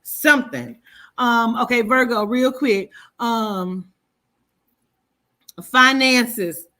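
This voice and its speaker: A woman's voice: fairly high pitch, expressive, drawn-out words, bright, forceful tone. Chatty, profane woman horoscope reader. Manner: chatty, profane and playful, addressing viewers directly. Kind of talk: casual astrology reading.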